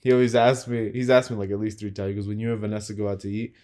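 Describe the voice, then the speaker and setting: Young male co-host, slightly low voice, lively storyteller who laughs often. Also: very fast. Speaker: podcast co-host. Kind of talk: casual chat with spouse.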